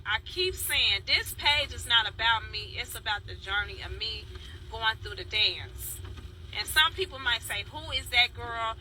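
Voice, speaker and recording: A woman's voice: a little high, sharp tone, slight background noise, low-quality recording. A woman from Chicago talking in a heartfelt, rambling way, calling out to her viewers by name. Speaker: dance video blogger. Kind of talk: casual spoken vlog.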